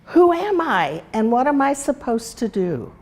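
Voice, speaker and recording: A woman's voice: high-pitched, sing-song, measured pace, darkish tone, voice pushed up, exaggerated voice. An older woman voicing a small, lost young winged horse girl in a storybook, plaintive and questioning.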